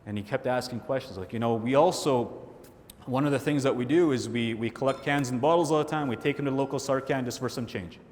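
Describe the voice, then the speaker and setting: Man telling stories in a big hall. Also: fast. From Canada. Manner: animated storytelling, acts out friends' voices. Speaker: keynote speaker. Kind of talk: motivational keynote storytelling. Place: large hall with audience. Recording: hall reverb, faint rumble.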